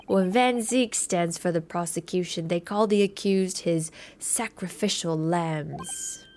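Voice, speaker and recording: A woman voicing a brash, scheming middle-aged man with a lilting brogue, gruff and slow, in a game playthrough. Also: fairly low pitch, a little mellow, a little hiss or hum. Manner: blustering and conspiratorial. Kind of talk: video game voice-over playthrough.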